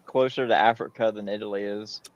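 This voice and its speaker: Man, argumentative, insistent, dull dry call audio, medium pitch. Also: steady tone, a little fast, no echo. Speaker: debate participant. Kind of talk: heated live-stream debate.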